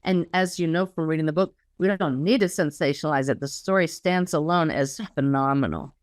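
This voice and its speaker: A woman author being interviewed, speaking earnestly and slowing down to stress quoted words. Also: sits low, dry recording, clean studio sound. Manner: earnest, slows down when quoting guidance. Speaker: interview guest, spiritual author. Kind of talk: casual conversational interview.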